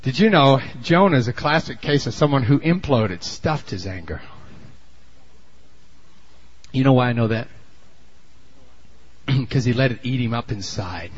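A man preaching a sermon in a folksy storytelling way, dropping to low asides and then shouting for emphasis. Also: lively intonation, moderate pace, slightly rough, lo-fi sound.

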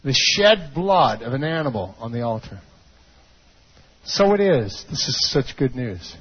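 A man preaching a sermon as pastor, swinging from hushed low passages to shouted peaks and calling out to the congregation for amens. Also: sing-song, a little slow, breathy edge. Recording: dull lo-fi recording.

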